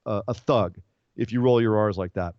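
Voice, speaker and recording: A man co-hosting a casual wrestling podcast, talking in long, animated, rambling explanations full of asides. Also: on the low side, moderate pace, no echo, dull audio. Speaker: podcast co-host.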